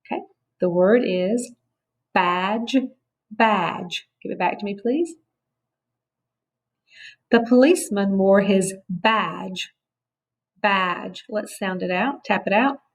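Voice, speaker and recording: A woman teaching a phonics lesson to children, speaking clearly and encouragingly as she sounds out words. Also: medium pitch, slow pace, long pauses.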